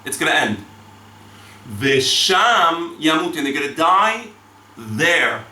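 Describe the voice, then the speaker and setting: A man's voice: on the high side, sing-song, a little slow, bright, forceful tone. A male rabbi giving a spoken Torah class, dramatic, with rhetorical questions and sweeping emphasis, mixing in Hebrew terms and reading Talmud aloud. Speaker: rabbi teaching the weekly Torah portion. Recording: echoey room, mic at a distance.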